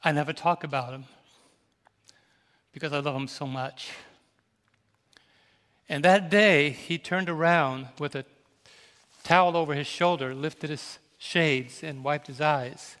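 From the pulpit, an older pastor from New York recounts a tender family memory in a voice that sits slightly high for a man, a little bright, and somewhat slow with frequent pauses. His storytelling sermon is personal and emotional, and he calls out to the congregation as he speaks. The sound carries through a large hall with a long, lingering reverb.

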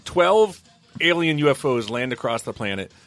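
A man hosting a comedy podcast, telling stories and recommending a movie with animated, laughing delivery. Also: mid-range voice, normal speed, soft background music. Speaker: podcast host.

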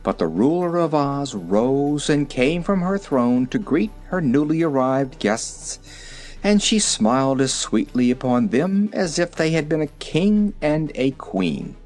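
Expressive storybook narrator. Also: medium pitch, unhurried, faint music behind. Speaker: audiobook reader.

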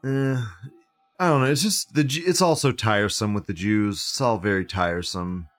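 A man's voice: on the low side, normal speed, fairly bright tone, faint music behind. A man hosting a live show, reading chat aloud and ranting in a profane, sarcastic way. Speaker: livestream show host.

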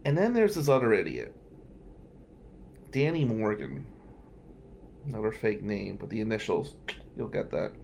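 A man's voice: fairly low pitch, sing-song, unhurried, vocal fry, pauses often, a little mellow, a little hiss or hum. A man casually telling a personal story in a sardonic, rambling way, full of wry asides.

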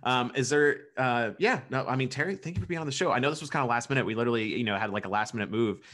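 A man's voice: medium pitch, racing, fairly bright tone. A man hosting a podcast in casual chat, loose and joking, with lots of "like" and "you know". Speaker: podcast host.

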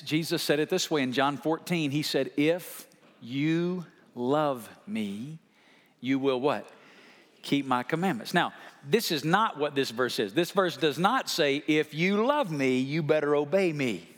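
A man preaching a sermon as pastor, asking the congregation to say key words out loud with him. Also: high-pitched. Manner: preacher prompting the congregation to repeat words aloud. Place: church sanctuary. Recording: long hall reverb.

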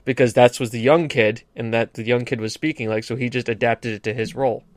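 A man's voice: medium pitch, fairly even intonation, brisk. A man from America co-hosting a podcast, chatting casually and joking, stumbling over his words at times. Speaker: podcast co-host. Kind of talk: casual chat.

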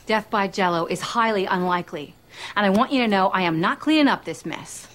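A woman's voice: medium pitch, expressive, brisk, fairly bright tone, close to an everyday voice. A woman playing a cool, firm 1950s housewife. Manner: cool, dry, polite and firm. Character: composed resilient 1950s housewife and mother. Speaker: film character.

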